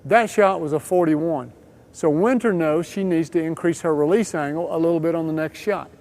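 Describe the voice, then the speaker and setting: A man giving a scripted instructional voice-over for a training video, explaining each point in a measured way. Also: on the high side, a little mellow, slight background noise.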